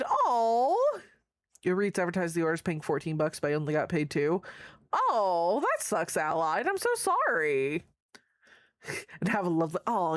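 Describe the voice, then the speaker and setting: Slow, profane woman streamer chatting. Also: fairly low pitch, dry recording. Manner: swears freely while reading chat aloud; affectionate, greets viewers by name. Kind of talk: casual live-stream chat.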